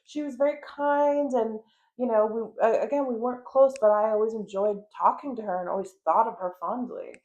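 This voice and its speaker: A woman's voice: a little high, a little fast, darkish tone, muffled recording. A young adult woman from the United States hosting a podcast, chatting frankly with lots of fillers and the odd swear. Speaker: podcast host. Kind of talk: casual chat.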